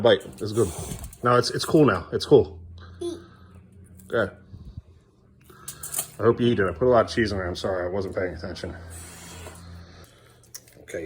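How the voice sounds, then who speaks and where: A man's voice: lowish voice, slight background noise. A man, a father, talking casually to his kids at home, coaxing and praising them as he goes.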